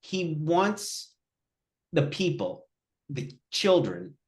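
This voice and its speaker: A man's voice: on the high side, very slow. A male film director at a post-screening Q&A, telling a story casually, acting out quoted voices, with many restarts. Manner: animated, acts out quotes, frequent restarts.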